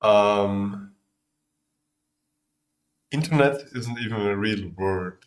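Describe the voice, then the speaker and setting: A man's voice: fairly low pitch, drawn-out words. Austrian man streaming casually. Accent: Austrian German. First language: German. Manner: distracted, talks while working. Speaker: streamer making a game. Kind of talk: casual livestream chat.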